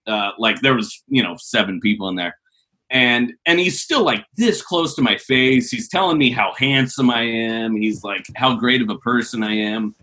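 A man telling a long, animated story on a podcast, laughing often as he goes. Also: medium pitch, moderate pace. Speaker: podcast co-host. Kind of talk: casual storytelling.

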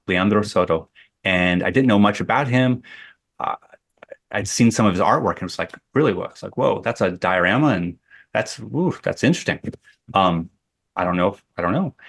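A middle-aged man with a lowish voice tells a long personal story as an interview guest. He rambles and restarts often, circling back as he talks. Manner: rambling, with many restarts and fillers. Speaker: guest artist. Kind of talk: conversational storytelling.

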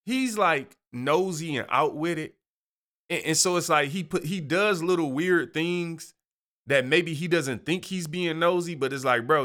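A man hosting a show, telling a story in a casual, animated, slangy way and laughing often. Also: a little high. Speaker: podcast host.

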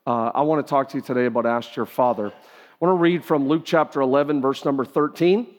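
A man's voice: medium pitch, fast. Earnest male pastor in a reverberant hall. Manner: earnest, conversational preaching with frequent restarts. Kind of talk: sermon. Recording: long reverb of a large hall.

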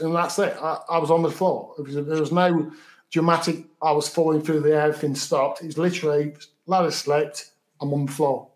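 Guy telling his story, kinda high voice, stumbles and repeats a lot. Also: darkish tone. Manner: halting, repeats words, matter-of-fact. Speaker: guest. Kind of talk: storytelling in an interview.

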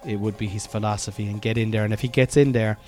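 A man with a Cork Irish accent talks at his podcast mic in a casual, rambling way, self-mocking and peppered with ums and restarts. His voice sits a little on the low side, and faint music hums underneath. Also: steady tone, quick pace, darkish tone. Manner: chatty, self-deprecating, full of fillers and restarts. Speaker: comedian and podcast host.

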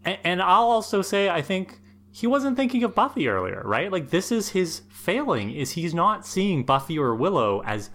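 A man's voice: high voice, big pitch swings, normal speed, a bit bright. A man co-hosting a podcast, talking through the story in an earnest, analytical way and getting more emphatic as he makes a point. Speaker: podcast co-host. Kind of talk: casual analytical chat.

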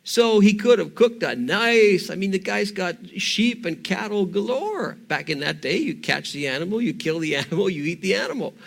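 A man preaching a sermon, retelling a story in an animated, conversational way with rhetorical questions. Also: high-pitched, normal speed, vocal fry, hardly any pauses.

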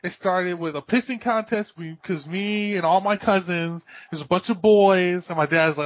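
A man's voice: sits high, moderate pace, hardly any pauses, no room sound. A man chatting casually on a podcast, laughing often, swearing freely and acting out quotes. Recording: dull, lo-fi sound.

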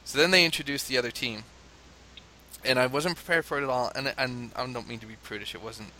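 An animated man from the United States tells a story with a bright, forceful voice. He laughs often and mimics crowd chants. A faint hiss sits under the recording. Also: medium pitch, fast. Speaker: father telling a story. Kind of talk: casual conversation, anecdote.

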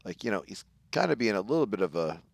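A man's voice: fairly low pitch, very animated, quick pace, creaky, husky, no echo, clean studio sound. A man co-hosting a casual talk show, retelling a comic book plot and briefly acting out the characters' lines. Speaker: podcast co-host.

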